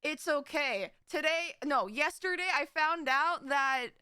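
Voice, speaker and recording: In casual live-stream chat, this young woman VTuber rambles, giggles and keeps stopping to correct herself. She speaks unhurriedly in a high, expressive voice that's bright and forceful, captured in clean studio sound without echo.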